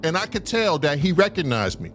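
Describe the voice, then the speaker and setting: Animated, profane storytelling man. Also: on the high side, a little fast, soft background music. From Southern California. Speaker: co-host telling a story. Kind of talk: live casual storytelling.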